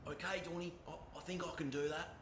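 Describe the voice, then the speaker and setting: A man's voice: on the high side, steady tone, fast, roomy sound, background noise, lightly acted. A man playing a meek, stammering Aussie guy. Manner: nervous, hesitant, stammering. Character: meek, timid young man who stammers. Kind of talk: roleplay in a video game.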